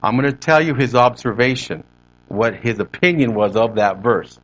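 A man's voice: mid-range voice, normal speed, muffled recording. A man preaching a sermon as a pastor, telling a story conversationally to his congregation.

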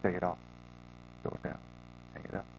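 A man putting on a hushed, stern old kung fu master. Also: a little fast, a little hiss or hum, natural voice. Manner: low hushed commanding repetition. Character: quiet stern older male kung fu master. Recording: dull lo-fi recording.

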